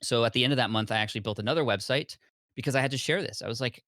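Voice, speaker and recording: A man in his thirties, a podcast guest, telling his story in a lively way and acting out his past self. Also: medium pitch, very fast, no echo, clean studio sound. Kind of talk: storytelling in conversation.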